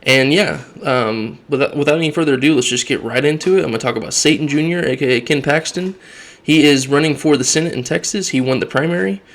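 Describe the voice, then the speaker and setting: A man's voice: a little high, fast talker, a bit bright. A man hosting his own channel, giving an impassioned, exasperated political rant. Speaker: political commentary host. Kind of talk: ranting political vlog.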